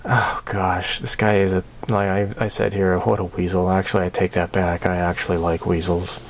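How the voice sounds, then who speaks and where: A man with a lowish voice gives a casual channel update. He rambles in a sarcastic tone and keeps breaking into laughter. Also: level tone, moderate pace, slight background noise. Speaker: channel host.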